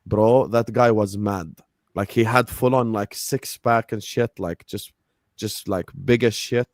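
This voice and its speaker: A man's voice: fairly low pitch, unhurried, dry recording, studio quality. A man hosting a casual podcast chat, loose and filler-heavy, full of slang. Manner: laid-back British slang, filler-heavy. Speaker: host.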